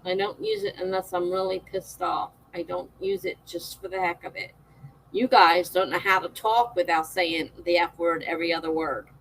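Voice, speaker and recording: A woman's voice: lowish voice, steady tone, normal speed, a bit bright, low-quality recording. A middle-aged woman hosting a live stream, chatting casually with viewers, laughing often and reading out their comments.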